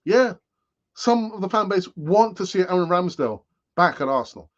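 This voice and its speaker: A man in his late fifties hosts a football fan channel's live-stream show, rambling chattily with many fillers and restarts. His voice is high and animated at a moderate pace, though the audio is dull.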